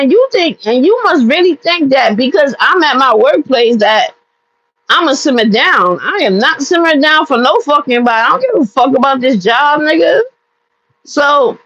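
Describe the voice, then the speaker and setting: A woman with a high voice tells a story to her viewers as a blunt, heated rant full of swearing. The recording sounds dull and lo-fi. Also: fairly bright tone. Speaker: vlogger telling a personal story.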